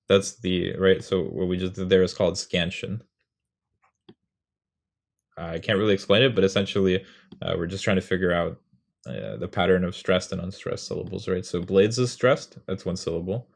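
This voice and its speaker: A man's voice: low-pitched, fairly even intonation, moderate pace, creaky, pauses often. A young man explaining how to write a poem in a casual, rambling, self-mocking way, sounding out rhythms aloud. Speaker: poetry tutorial host.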